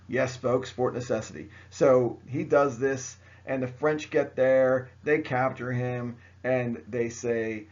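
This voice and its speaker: A man's voice: mid-range voice, fairly even intonation, moderate pace, few pauses, a little mellow, highs cut off. A man teaching a history lesson by video, chatty and joking, speaking straight to his students. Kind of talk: recorded video lecture.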